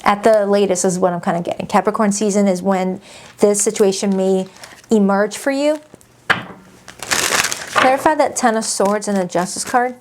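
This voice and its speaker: A woman's voice: mid-range voice, moderate pace, long pauses, slight background noise. A woman doing a casual tarot reading, chatty and emphatic, often repeating her phrases. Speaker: tarot reader.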